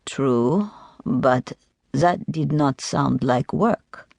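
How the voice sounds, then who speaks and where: A woman's voice: a bass voice, expressive, very slow, gravelly, a little mellow, no room sound, heavily acted. A woman voicing a wealthy, composed French male boss, with a French accent, speaking tersely and formally.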